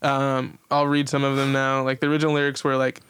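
A man's voice: medium pitch, monotone, fast talker, fairly bright tone, clear, resonant tone, no echo, clean studio sound. A man co-hosting a podcast, telling a story in a rambling, casual way with lots of fillers and the odd curse word. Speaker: podcast co-host. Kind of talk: casual chat. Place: podcast recording setup.

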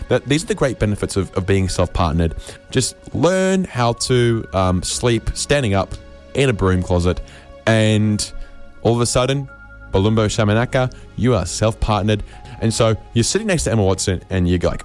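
A man's voice: medium pitch, lively intonation, a little fast, faint music behind. An Australian man hosting a comedy radio show, spinning a rambling, absurd monologue with stammered restarts.

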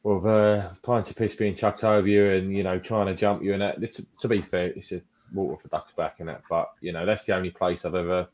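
A man's voice: low-pitched, steady tone, a little fast, a little mellow. A man co-hosting a casual fan podcast, talking in a laid-back, blunt way with lots of fillers. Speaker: podcast co-host. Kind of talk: casual chat.

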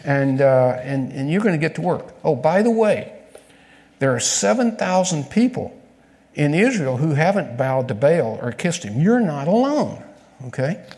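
A man's voice: on the high side, sing-song, unhurried, a little mellow. A man preaching a conversational sermon, telling a story and asking his listeners questions. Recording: long reverb of a large hall.

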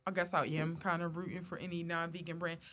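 A woman's voice: fairly low pitch, flat delivery, quick pace, fairly bright tone. A woman co-hosting a casual podcast chat, blunt, profane and joking. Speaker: podcast co-host.

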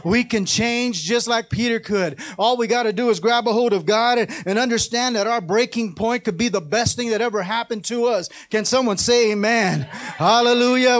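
A man preaching a sermon as pastor, with call-and-response and passages that climb into shouted, half-sung pleas. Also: very high voice, moderate pace.

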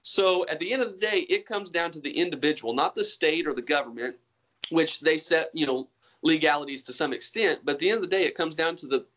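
A man's voice: a little high, lively intonation, fast talker, a bit bright, highs cut off. A man being interviewed about hunting, talking in an earnest, rambling way with many restarts. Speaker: hunter guest. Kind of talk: casual interview talk.

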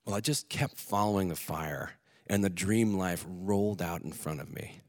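Male storyteller, earnest and candid, slightly low voice, tells a personal story to an audience. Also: normal speed. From Alaska. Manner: candid, earnest, with casual swearing and restarts. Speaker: speaker telling a personal story on stage.

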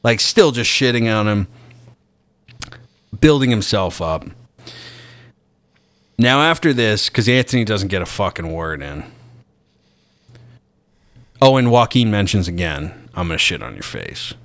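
A man chatting casually about a film, animated and swearing freely. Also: fairly low pitch, slow, pauses often, no room sound. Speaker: podcast co-host.

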